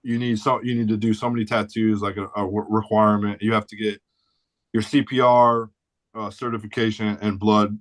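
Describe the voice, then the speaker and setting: A man's voice: fairly low pitch, level tone, brisk, no echo. A man in his forties from the St. Louis area, a podcast guest telling stories in a blunt, laid-back way full of swearing and "dude". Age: 40s. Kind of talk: casual storytelling chat.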